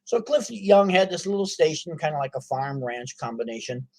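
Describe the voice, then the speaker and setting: A man telling a story in a folksy, animated way, full of asides to his listeners. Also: a little high, normal speed. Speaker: author. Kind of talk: storytelling to a live audience.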